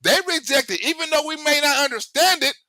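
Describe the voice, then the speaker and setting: A male host giving rambling, profane political commentary in an animated way, cursing heavily. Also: very high-pitched, a little fast, no echo.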